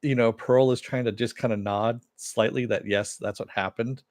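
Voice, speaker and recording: A man's voice: mid-range voice, steady tone, moderate pace, a little mellow, dry recording, clean studio sound. A middle-aged man casually recapping and reviewing a TV episode, rambling with many fillers and chuckles, and reading chat comments aloud. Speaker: TV show reviewer.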